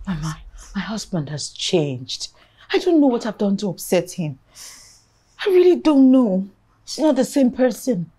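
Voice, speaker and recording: A frightened young wife, lively pitch. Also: female voice, unhurried, husky. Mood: worried. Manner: anxious, pleading, rising to panic. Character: frightened young wife doubting her husband. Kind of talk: film drama acting. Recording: film soundtrack with music under it.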